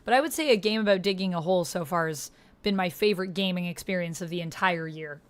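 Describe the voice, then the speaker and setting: A young woman with a Canadian accent chatting casually to her viewers while playing a game live, reading out chat and filling pauses with "uh" and "like". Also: on the low side. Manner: chatty, reads chat aloud, frequent fillers. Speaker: streamer. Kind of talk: live-stream gameplay chat.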